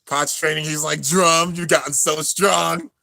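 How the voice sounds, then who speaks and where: A young man narrating an anime finale as he watches it live, excited and emotional. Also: fairly high pitch, a little slow, gravelly, no echo, soft background music. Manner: excited, narrating on-screen action, drops to near-tears murmurs. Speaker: anime reaction host. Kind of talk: live reaction commentary.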